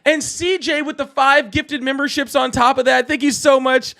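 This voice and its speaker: A man's voice: very high-pitched, steady tone, normal speed, pushed and bright. A young man hosting a political call-in livestream, thanking donors, laughing often and blunt with callers. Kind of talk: casual livestream chat, reading donor messages.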